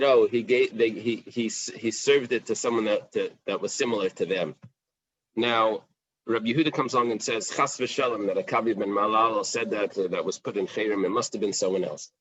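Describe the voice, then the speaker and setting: A man's voice: lowish voice, lo-fi sound. A man teaching a Talmud class in plain English, mixing in Aramaic and Hebrew quotes, with fillers and restarts. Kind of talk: daf yomi Talmud class.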